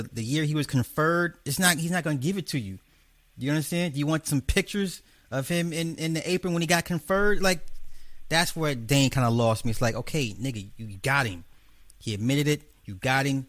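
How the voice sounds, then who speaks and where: A man's voice: fairly high pitch, brisk, fairly bright tone, dry recording. A man hosting a livestream, wrapping up a debate in a blunt, profane, rambling way. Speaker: host.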